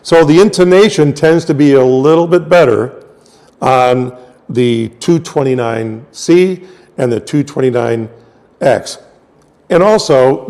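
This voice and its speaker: A man's voice: mid-range voice, darkish tone. A middle-aged man from the United States, explaining instrument designs as a trumpet specialist in a patient, step-by-step way and often checking in with his listener. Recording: reverberant room with long echo.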